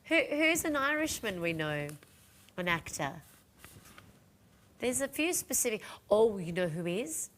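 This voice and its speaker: A woman's voice: medium pitch, very animated, measured pace, long pauses, a bit bright. Chatty middle-aged woman selling jewellery live. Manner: chatty, rambling, talks straight to viewers. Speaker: home shopping presenter. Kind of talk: live home-shopping sales chat.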